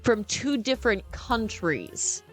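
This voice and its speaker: A woman co-hosting a podcast, a trained singer, talking casually in an animated, blunt way. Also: on the high side, takes it slowly, faint music behind. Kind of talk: casual chat.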